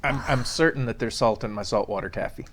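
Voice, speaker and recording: Quick man with dry one-liners. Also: medium pitch, fairly bright tone, slight background noise. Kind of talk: casual live chat.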